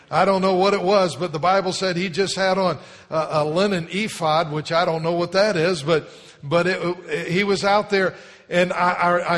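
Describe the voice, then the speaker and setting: A man's voice: sits high, fairly bright tone, in a large hall. A man preaching a sermon as pastor of a church, speaking emphatically and leading the congregation to repeat phrases after him. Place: church sanctuary.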